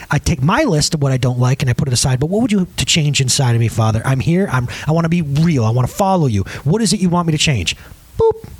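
A male pastor in his thirties preaches an emphatic, conversational sermon, adding asides to the audience. His voice is a little high and slightly husky.

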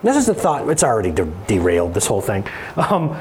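A man preaching in a church as its pastor, with a conversational style that climbs high when he presses a point. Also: huge pitch swings, fast talker, a little hiss or hum. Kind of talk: sermon. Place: church sanctuary.

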